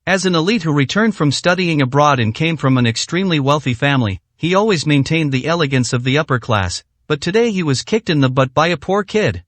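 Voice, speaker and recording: A man narrating a story in an audiobook with expressive delivery. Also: on the high side, dry recording. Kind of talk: scripted narration.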